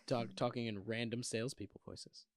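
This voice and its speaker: A young man co-hosting a casual podcast, relaxed and quick to laugh, often trailing off mid-thought. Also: mid-range voice, no room sound, studio quality. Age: young adult. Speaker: podcast co-host. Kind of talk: casual chat.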